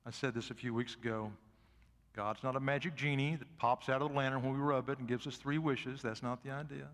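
An older man and pastor preaching a sermon in a church. He is folksy and swings from loud emphatic peaks to soft asides. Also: medium pitch, steady tone, fairly quick, long reverb tail. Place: church sanctuary.

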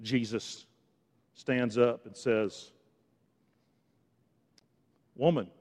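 A man's voice: medium pitch, measured pace. Preaching man in a reverberant church. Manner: dramatic swings from hushed to loud, preaching with sarcasm. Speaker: pastor. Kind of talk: sermon. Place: church sanctuary.

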